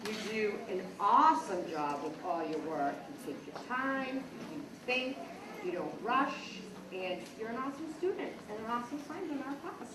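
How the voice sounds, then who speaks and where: A woman's voice: fairly high pitch, sing-song, normal speed, hardly any pauses. A woman teacher praising young students one by one at a school assembly. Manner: warm praising, addressing young children. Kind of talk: award presentation at a school assembly. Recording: echoey hall, distant mic, crowd noise.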